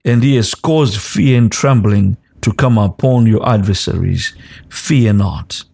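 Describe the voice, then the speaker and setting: A man's voice: fairly low pitch, measured pace, creaky, darkish tone, breathy edge. A man preaching a sermon, repeating short exhortations over and over and rising into a sung cadence. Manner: speaks in tongues between exhortations.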